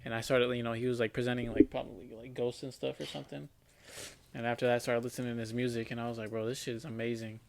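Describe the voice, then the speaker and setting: Twenties guy on a podcast, mid pitch, super casual, swears a lot, says like and bro constantly, kinda rambly. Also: little pitch movement, quick pace, creaky, a little mellow, slight background noise. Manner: loose and profane, heavy on "like" and "bro"; rambling storyteller with many restarts. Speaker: podcast co-host. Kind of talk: casual chat among friends.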